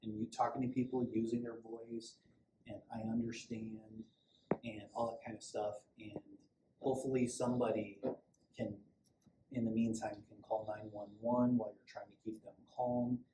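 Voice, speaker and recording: A man's voice: mid-range voice, level tone, moderate pace, mellow. A middle-aged man, a police sergeant, giving a casual safety training talk in a conversational, rambling way with frequent restarts. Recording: echoey room, faint background hum.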